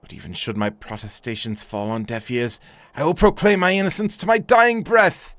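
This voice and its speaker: A man's voice: a little high, fairly even intonation, normal speed, a bit bright, no echo, voice pushed up, natural voice. A man voicing an earnest young nobleman in a video game, speaking in formal, old-fashioned words with a heavy heart. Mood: solemn.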